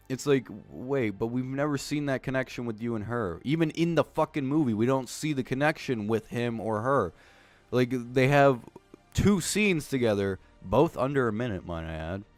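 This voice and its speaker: Exasperated man ranting a movie review. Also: mid-range voice. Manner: profane, exasperated, rambling with many fillers and restarts.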